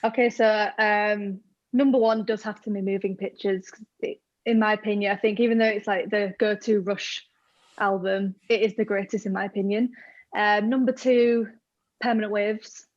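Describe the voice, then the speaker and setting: A young woman tells stories eagerly in a casual podcast chat. Her voice is mid-pitched and comes across a little dull and lo-fi, with a dry sound close to the mic. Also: fairly even intonation, normal speed, dry recording. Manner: enthusiastic storytelling. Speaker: podcast guest.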